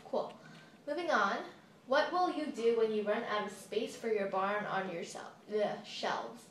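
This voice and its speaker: A young American woman who runs a model horse YouTube channel chats casually through a Q&A vlog, rambling with giggly asides. Her mid-range voice has lively intonation at normal speed. She films on a phone propped on a table in an echoey room with faint background hiss.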